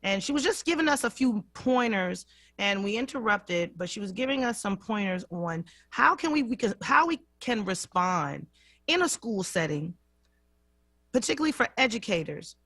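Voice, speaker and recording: A woman hosting a radio talk show, speaking in a measured, emphatic way and drawing out key words. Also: medium pitch, very animated, fairly bright tone, no echo, clean studio sound. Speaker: radio host. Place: radio studio.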